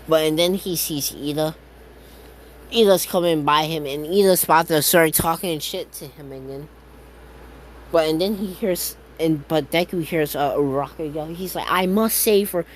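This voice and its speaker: A man improvising a fan-fiction tale out loud in a loose, rambling way. He keeps filling gaps with "uh", correcting himself in the middle of a sentence and dropping in casual curses. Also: fairly high pitch, normal speed, slight background noise. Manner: rambling, lots of fillers and self-corrections, casual swearing. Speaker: fan storyteller.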